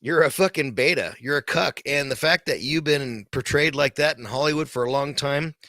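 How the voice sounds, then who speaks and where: A man hosts his own podcast late at night, delivering a casual rant. His voice is bright and pushed forward, and the sound is dry and close. He talks in a heated, profane way and rambles as he goes. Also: medium pitch, no echo. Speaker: podcast host.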